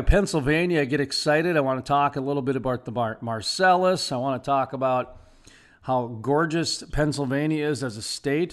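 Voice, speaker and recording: A man hosting a radio interview program, chatty and enthusiastic, rambling off on tangents. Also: mid-range voice. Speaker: radio host.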